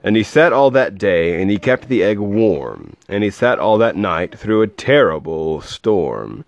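A man reads a rhyming storybook aloud to a child in a low voice that swings lively up and down in a sing-song way. He drops into soft asides between verses. The recording is dry and dull, lo-fi, with no room sound. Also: a little slow, gravelly, no room sound. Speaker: reading a picture book to a child.

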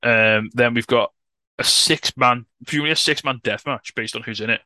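Bloke co-hosting a podcast, excitable, swears a lot, really bright sharp voice. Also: male voice, mid-range voice, no room sound. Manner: quick, excitable, swears and laughs often. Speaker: podcast co-host. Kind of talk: casual wrestling podcast chat.

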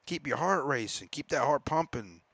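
A man's voice: medium pitch, lively intonation, normal speed, creaky, a bit bright, no echo, voice pushed up. A man voicing God as a casual, reassuring figure talking to him. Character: God speaking kindly to a lonely man.

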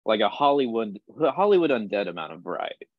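Young guy laughing along on a music podcast, lively pitch, kinda muffled dry mic. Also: fast talker, no room sound. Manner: laughs often, enthusiastic. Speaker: podcast co-host. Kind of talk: casual album review chat.

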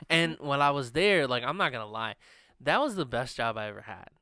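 Here a young male co-host talks animatedly and fairly quickly, his mid-range voice bright and forceful. The conversation is casual, with long rambling stories, filler words, and laughter. Recorded on a studio podcast mic, the sound is clean with no echo.

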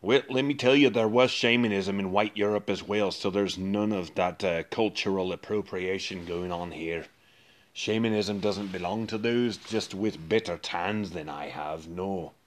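A man putting on a deep Scottish dwarf shaman. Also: measured pace. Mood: swaggering. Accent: put-on Scottish. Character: boisterous hard-drinking male dwarf shaman. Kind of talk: in-character role-play monologue.

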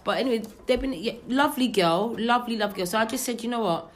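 A young woman, telling a story in casual chat, animated and gossipy, full of slang. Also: a little high, fast talker, slight background noise.

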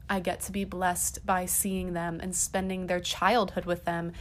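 Woman, 30s, podcast host; chatty and rambling, voice sits a little low. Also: flat delivery, measured pace, a little hiss or hum. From half Irish. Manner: chatty, rambling, frequent ums. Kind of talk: casual chat.

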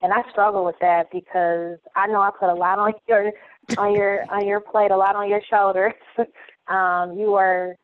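A woman in her thirties, a podcast guest, speaking hesitantly with many pauses and ums. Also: medium pitch, little pitch movement, dry recording. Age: 30s. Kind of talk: personal conversation. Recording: tinny phone-like line.

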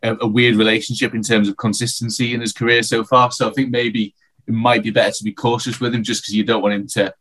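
Fast, rambling male co-host talking football. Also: on the low side, level tone, fairly bright tone. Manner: quick, rambling, many restarts. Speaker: podcast co-host. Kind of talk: casual football podcast chat.

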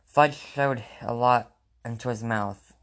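A man's voice: mid-range voice, fairly even intonation, slow, a bit bright. A man reading a children's book aloud to his class as a teacher, in a plain manner with small restarts.

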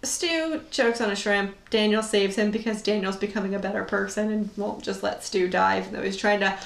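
A woman's voice: medium pitch, vocal fry. A woman co-hosting a podcast, recapping a movie in casual chat, sarcastic and swearing freely. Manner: swearing, sarcastic, quick asides. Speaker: podcast co-host. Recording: roomy echo.

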